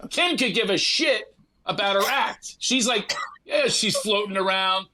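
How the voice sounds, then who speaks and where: A man, a guest comedian, telling an animated, profane comic story and acting out the people in it. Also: high voice, a little slow. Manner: acts out others in quoted voices, profane.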